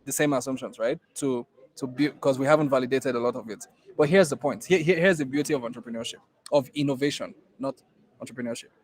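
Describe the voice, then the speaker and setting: A man's voice: mid-range voice, quick pace, low-quality recording. Emphatic Nigerian man lecturing a class. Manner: emphatic, repeats key points for emphasis. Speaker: innovation program instructor.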